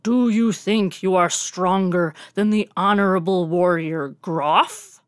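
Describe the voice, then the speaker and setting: A woman voicing a tornado of bees that speaks like a formal warrior, slow and booming. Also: smooth, no room sound, clean studio sound. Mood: challenging. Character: swarm of bees forming a buzzing warrior voice.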